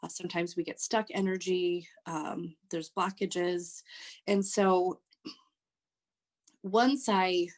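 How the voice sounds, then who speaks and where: A woman, a social worker and Reiki practitioner, explaining her work as a podcast guest in a halting way with many fillers. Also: fairly low pitch, steady tone. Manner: hesitant, many ums and restarts. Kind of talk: podcast interview.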